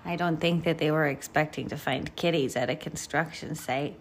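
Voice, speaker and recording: A woman reading a picture book aloud to a child, gentle, expressive and encouraging. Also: deep voice, normal speed, slight background noise. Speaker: storybook reader.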